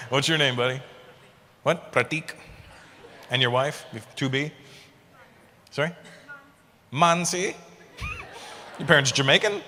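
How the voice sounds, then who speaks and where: A man's voice: medium pitch, slow pace, pauses often, in a large hall. A middle-aged man doing stand-up crowd work, brash and teasing, swearing freely as he quizzes audience members. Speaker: stand-up comedian. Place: live comedy venue with audience. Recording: live show with loud crowd and room noise.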